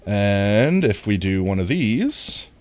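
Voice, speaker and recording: Lively, low-voiced nasal male streamer. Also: slow pace, dry recording. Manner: chatty, talks to viewers while playing. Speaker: livestreamer. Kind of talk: casual game-stream chat.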